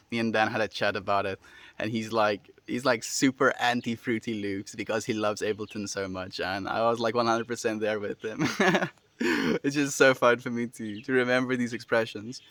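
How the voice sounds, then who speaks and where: A man hosting a daily livestream, reading chat comments aloud and answering them in a relaxed, friendly way with lots of fillers. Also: lowish voice, normal speed, no room sound. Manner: relaxed and friendly, many fillers, laughs often. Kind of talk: casual chat.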